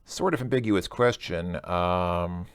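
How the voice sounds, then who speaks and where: Low gravelly man thinking aloud. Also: slow pace, no room sound, studio quality. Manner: thinking aloud, hesitant, self-correcting. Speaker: language learner working through a test. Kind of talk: casual self-recorded lesson.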